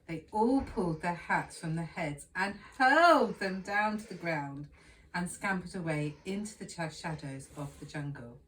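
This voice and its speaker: A woman teacher reading a children's storybook aloud in a careful, expressive way. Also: lowish voice, a little slow, far from the mic, a little hiss or hum. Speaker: primary school teacher.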